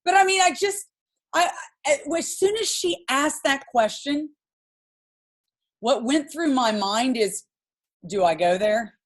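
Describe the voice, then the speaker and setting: A woman's voice: high voice, lively intonation, slow pace, long pauses. A woman in her forties hosting a business team video call, telling a story in a chatty, enthusiastic, rambling way with plenty of fillers.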